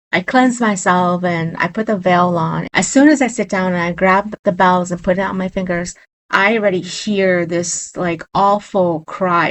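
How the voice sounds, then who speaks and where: Low-voiced woman telling a shaman story. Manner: earnest, vivid retelling. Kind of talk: personal storytelling.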